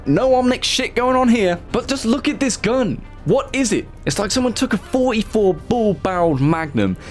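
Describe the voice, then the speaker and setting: An excitable male gaming YouTuber giving casual commentary, with a slightly raised voice that swings widely in pitch. He swears freely and jokingly scolds himself. Faint game music plays in the background. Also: normal speed.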